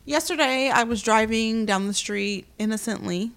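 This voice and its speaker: A woman's voice: a little high, normal speed, creaky, fairly bright tone, clear, resonant tone. Blunt, profane woman telling a story. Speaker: podcast co-host. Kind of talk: casual chat among friends.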